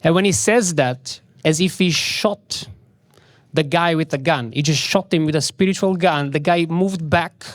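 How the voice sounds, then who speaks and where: Man giving a slow, emphatic spiritual talk. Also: fairly high pitch, no echo, clean studio sound. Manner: slow, emphatic, repeats key words.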